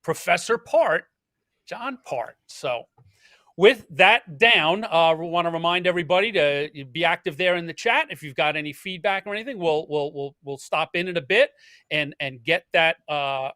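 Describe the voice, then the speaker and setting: A man's voice: fairly high pitch, expressive, normal speed, bright, forceful tone, no room sound. A man hosting a podcast in casual chat, upbeat and jokey, often repeating words as he starts a sentence. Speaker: podcast host.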